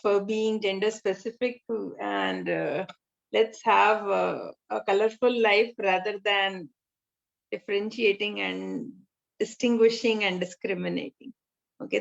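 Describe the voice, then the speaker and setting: A woman's voice: fairly high pitch, vocal fry. A woman hosting a poetry reading on a video call, polite and hesitant, with many fillers. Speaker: host of the poetry session. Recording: dull lo-fi call audio.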